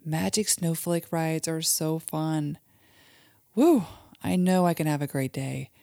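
A woman, a mother hosting a children's show, leads a guided imagery exercise in a gentle, soothing manner and sometimes drops to a soft whisper. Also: low voice, fairly even intonation, unhurried, gravelly, no echo, clean studio sound. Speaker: host and mother leading guided relaxation for kids.

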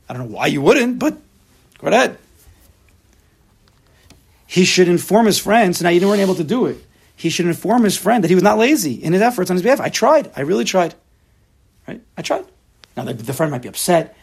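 Gravelly, husky man teaching a class. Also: on the high side, a little mellow. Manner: emphatic, acts out imagined inner voices. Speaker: teacher of a religious text class. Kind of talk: Torah class lecture, explaining a text to students.

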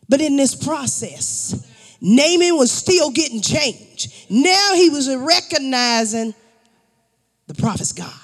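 A man preaching a sermon, repeating phrases in call-and-response style and rising to shouts. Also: very high voice, animated, takes it slowly. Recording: long hall reverb.

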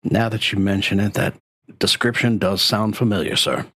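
A man's voice: lowish voice, pushed and bright, slightly rough, no echo, full character voice. A man doing a stiff, formal manor guard. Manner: formal, measured.

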